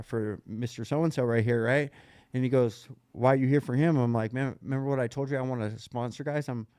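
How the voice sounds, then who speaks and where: Low-voiced man telling a story, casual. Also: a little mellow, no echo, studio quality. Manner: rambling, fills with "like" and "right?". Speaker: podcast guest sharing recovery story.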